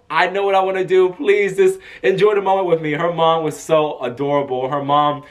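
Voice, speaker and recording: A young man telling a casual story to camera as a vlogger, animated and chatty, acting out what people said. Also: fairly high pitch, a little fast, hardly any pauses. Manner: animated, chatty, acts out quotes in a raised voice. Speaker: vlogger and press escort.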